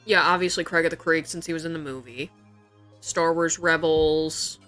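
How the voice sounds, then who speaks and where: A young woman livestreamer with a low, fairly bright voice chats casually at normal speed with fairly even intonation, while soft music plays in the background. She swears freely and reacts in disbelief as she reads things out.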